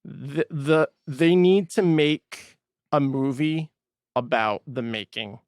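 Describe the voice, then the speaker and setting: A man co-hosting a movie podcast in excited, casual chat, swearing freely. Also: fairly high pitch, slow pace, smooth, no echo. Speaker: podcast co-host.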